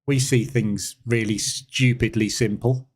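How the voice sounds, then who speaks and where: A man's voice: medium pitch, fairly even intonation, unhurried, breathy edge. A man with a British accent hosting a live trading room, chatting casually and sarcastically while answering viewer comments. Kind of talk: casual live-stream chat.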